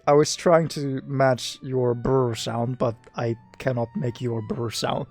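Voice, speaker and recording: A man's voice: medium pitch, lively intonation, slow, a little mellow, faint music behind. A man hosting a casual live stream chat with a guest, rambling and teasing with lots of filler words.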